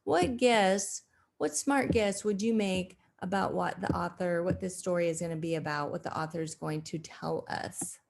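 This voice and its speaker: A woman teaching second graders in a recorded video lesson, speaking deliberately with frequent fillers and restarts. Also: fairly low pitch, steady tone, vocal fry, slight background noise. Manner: slow, deliberate, with frequent fillers and self-corrections.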